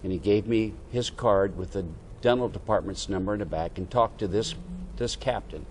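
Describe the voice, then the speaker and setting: A man's voice: fairly low pitch, normal speed, a little hiss or hum. Older man telling a service story. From United States. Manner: animated anecdote-telling with quoted dialogue. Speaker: veteran interviewee. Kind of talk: oral history storytelling.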